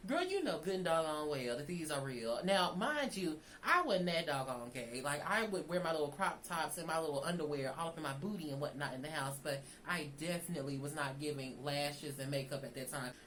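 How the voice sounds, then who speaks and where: A woman's voice: low voice, fairly quick, hardly any pauses, slight background noise, rough recording. Chatty young woman telling a story. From Southern United States. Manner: chatty, animated, talks straight to viewers. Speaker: vlogger. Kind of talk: casual storytime.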